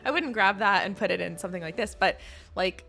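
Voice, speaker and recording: A woman's voice: mid-range voice, brisk, creaky, bright, forceful tone, faint music behind. A woman talking casually as a guest about role-playing games, rambling with many fillers and restarts. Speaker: podcast guest, D&D player. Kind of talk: casual chat.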